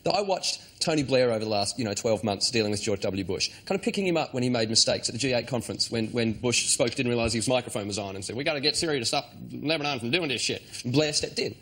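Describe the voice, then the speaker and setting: A man on a comedy panel show telling animated comic stories and acting out the voices of the people in them. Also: mid-range voice, quick pace, few pauses. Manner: animated, acts out quoted voices. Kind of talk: comic storytelling.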